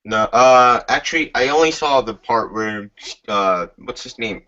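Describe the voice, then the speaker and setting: Bright-voiced swearing man chatting. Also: mid-range voice, lively intonation, a little slow. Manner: profane, rambling, searches for names. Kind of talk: casual chat. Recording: dull lo-fi.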